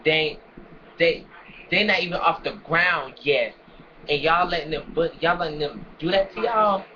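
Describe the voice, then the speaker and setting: A young man telling a story from his own life and lecturing kids and parents, animated and preachy, with lots of restarts. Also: a little high, unhurried. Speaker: vlogger. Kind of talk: casual storytelling rant. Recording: dull lo-fi with crowd noise behind.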